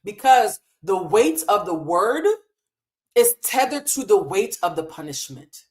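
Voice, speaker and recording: A woman hosts a live stream from a hotel room, speaking at a middle pitch. She talks with raw feeling and swears freely. Her tone is casual and unscripted. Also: sing-song, measured pace, darkish tone. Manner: impassioned, emotional, swears freely. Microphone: desk mic in a hotel room.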